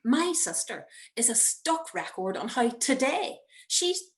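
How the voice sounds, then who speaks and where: Slow, wry woman storyteller. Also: fairly high pitch, sing-song. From Northern Ireland. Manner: wry, measured storytelling with dramatic pauses. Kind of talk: personal story reading. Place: home, indoors. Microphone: video call.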